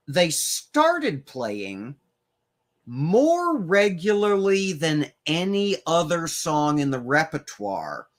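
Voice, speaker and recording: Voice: medium pitch, fairly bright tone. A co-host telling a story in casual chat, wry and profane.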